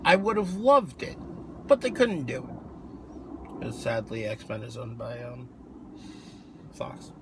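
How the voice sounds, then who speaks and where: A man's voice: medium pitch, big pitch swings, slow pace, pauses often. Chatty young-sounding man reviewing films. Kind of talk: casual chat. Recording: faint background noise.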